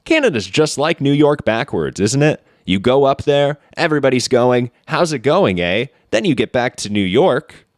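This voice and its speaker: A man's voice: medium pitch, expressive, moderate pace, few pauses, no echo. A man hosting a comedy podcast, chatting playfully and reading listener mail. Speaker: podcast host. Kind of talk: casual comedy podcast chat.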